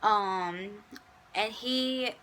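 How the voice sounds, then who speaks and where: A woman's voice: mid-range voice, drawn-out words, bright, forceful tone, a little hiss or hum, poor audio. A young adult woman in a casual storytime, telling a petty workplace story in a chatty, sassy way. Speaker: vlogger.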